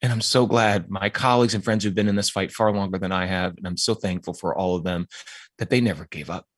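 Earnest man with a low voice. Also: steady tone, fast talker, no room sound. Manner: earnest and emphatic. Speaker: guest. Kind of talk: interview answers.

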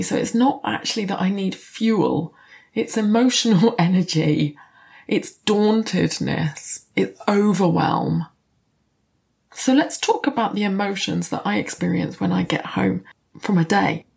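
Candid, gravelly-voiced woman coach. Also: mid-range voice. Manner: candid, warm, occasionally swears. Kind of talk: reflective podcast talk.

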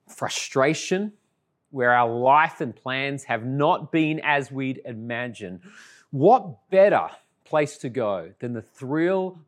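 A middle-aged Australian man, a pastor, opens a sermon with a conversational story that swings between lively and hushed, tender tones. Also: medium pitch.

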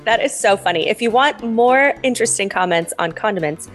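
A woman's voice: mid-range voice, lively intonation, fairly quick, faint music behind. A woman co-hosting a podcast in a casual, chatty way, easily amused. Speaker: podcast co-host. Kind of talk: casual chat.

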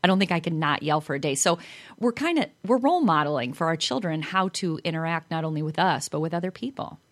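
A woman's voice: sits low, expressive, quick pace, dry recording. Chatty Chicago woman co-host. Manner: chatty, argumentative. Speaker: podcast co-host. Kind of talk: casual interview and chat.

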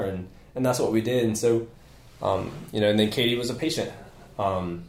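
A man who owns a physical therapy clinic, talking as a guest in a casual podcast interview, energetic and rambling with many fillers and restarts. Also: on the low side, normal speed, echoey room.

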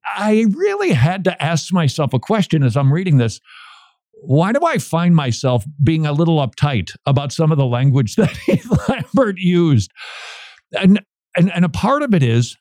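A male radio show host in a studio, talking in an animated way, chuckling and reading passages aloud with quick asides. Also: mid-range voice, no echo. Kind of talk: radio talk commentary.

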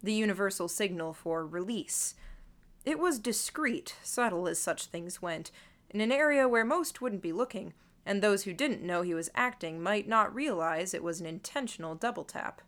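A woman narrates a first-person novel at an even pace, observant and quietly wry. Her reading is measured and controlled, with a dry edge in the asides. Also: medium pitch. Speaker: audiobook narrator.

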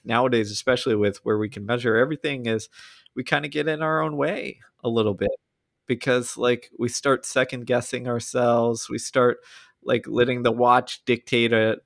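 A man with a middle-pitched voice talks through his ideas in a reflective, explanatory way. He co-hosts a podcast, and the word "like" keeps slipping into his casual phrasing. The sound is dry and close. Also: fairly bright tone, dry recording. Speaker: podcast co-host. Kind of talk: casual discussion.

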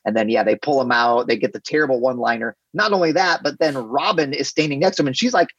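A man's voice: medium pitch, quick pace, breathy edge, no echo, dull audio. A man co-hosting a casual podcast chat, retelling scenes and acting out the lines in playful voices. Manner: animated, acts out scenes in put-on voices. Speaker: podcast co-host.

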